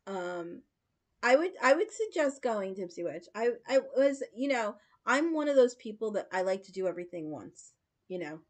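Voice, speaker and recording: A woman's voice: medium pitch, sing-song, normal speed. Chatty woman in her forties. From United States. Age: 40s. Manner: chatty storytelling, laughs often, many fillers. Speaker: livestream host. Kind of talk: casual chat with viewers.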